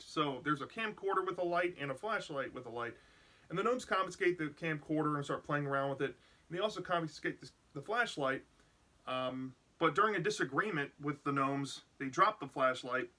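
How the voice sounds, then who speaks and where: A man's voice: a little high, sharp tone. A man casually retelling a story's plot as a book reviewer, rambling with many fillers and restarts.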